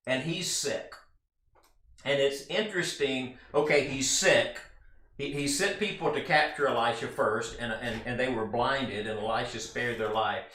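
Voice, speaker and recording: A man teaching a conversational Bible study lesson in an earnest, chatty way, with quick asides to his listeners. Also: medium pitch, sharp tone. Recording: echoey room.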